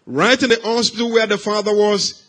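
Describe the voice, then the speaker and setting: High-voiced man preaching a testimony. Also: flat delivery, normal speed. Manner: dramatic swings from hushed to shouted. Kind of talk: sermon storytelling.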